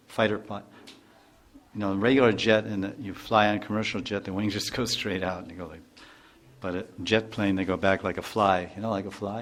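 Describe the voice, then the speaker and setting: An older man, a spiritual teacher, giving a devotional lecture in a loose, conversational way with many asides and restarts. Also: fairly low pitch.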